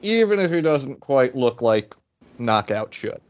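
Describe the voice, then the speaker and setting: A man co-hosting a casual podcast chat, easygoing and self-deprecating, with halting restarts. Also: medium pitch, very animated, highs cut off. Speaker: podcast co-host. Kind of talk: casual chat about toy purchases.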